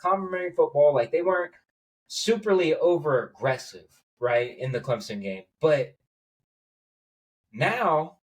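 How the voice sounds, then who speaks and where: A man giving a heated, profane sports rant as a commentator, getting angry and loud at times. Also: a little high, expressive, unhurried, recorded from a distance, rough recording. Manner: angry, swearing, rising to loud outbursts.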